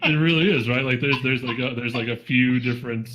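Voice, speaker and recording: Man, mid-pitched voice, casual tabletop chat, rambling, restarts a lot. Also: brisk, fairly bright tone, a little hiss or hum, poor audio. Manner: rambling, full of likes and restarts. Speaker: tabletop game player.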